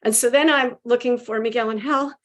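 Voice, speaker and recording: A woman guest telling a spiritual story with animated emotion, acting out quotes and laughing. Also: a little high, brisk.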